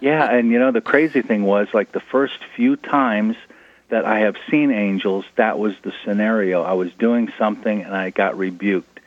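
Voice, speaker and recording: A man, a guest author, telling personal stories in an interview in a relaxed way with fillers. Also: on the low side, normal speed, no echo. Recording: tinny phone line.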